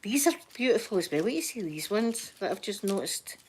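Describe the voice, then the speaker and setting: A woman with a Scottish accent talks softly and close to the microphone in a relaxed ASMR style. Her voice sits at a middling pitch, and she chats in a rambling, easygoing way, sometimes dropping into a whisper. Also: brisk, slight background noise. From Scotland. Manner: soft-spoken, chatty, drifting into whispers. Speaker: ASMR live streamer. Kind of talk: soft-spoken ASMR chat.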